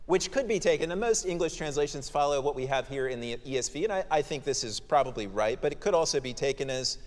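A man's voice: a little high, brisk. A male pastor preaching a sermon who explains scripture in a conversational, emphatic way, in a hall with long reverb.

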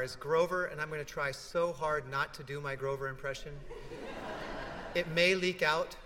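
A man's voice: a little high, slight background noise. A man preaching a sermon in a large church sanctuary, telling stories and asking rhetorical questions. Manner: animated storytelling with rhetorical questions. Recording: echoey church hall.

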